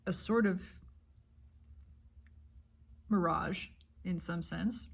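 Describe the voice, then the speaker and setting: A woman's voice: fairly low pitch, a little mellow, slightly rough. A woman talking through spiritual ideas in a meandering, thoughtful monologue, eating breakfast and talking with her mouth full. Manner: meandering, thoughtful, casual swearing. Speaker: spiritual vlogger. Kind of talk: rambling reflective monologue.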